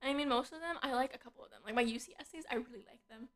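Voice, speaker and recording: Over a desk microphone, a teenage girl gives casual college-prep advice as a co-host, leaning heavily on "like." Her voice sits high and sounds fairly bright, and she speaks very fast.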